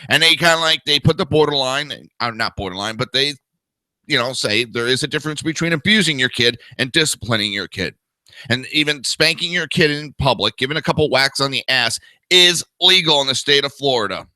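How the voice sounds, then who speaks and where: A man in his thirties rants crude, profane and sarcastic commentary as a talk show host. His pitch swings widely as he talks. The tone is very bright and sharp, and the close mic is dry. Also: expressive, fairly quick, no echo. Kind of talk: ranting commentary.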